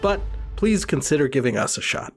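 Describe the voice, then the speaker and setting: A man's voice: a little high, very animated, a little fast, a bit bright. A man co-hosting a comedy podcast, reading an upbeat, playful promo with music underneath. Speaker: podcast co-host.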